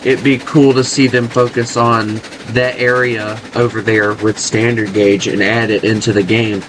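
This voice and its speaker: A man's voice: lowish voice, flat delivery, measured pace, background noise. A man with a Southern US accent, chatting loosely and rambling at home while he plays a video game. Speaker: gaming channel host. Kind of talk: casual gameplay chat.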